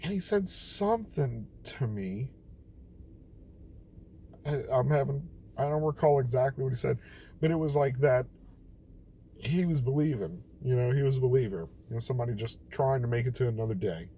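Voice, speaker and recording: A man's voice: medium pitch, normal speed, warm tone, a little hiss or hum, low-quality recording. A young man telling a rambling, self-deprecating story late at night, tired and quoting others as he goes. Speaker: vlogger.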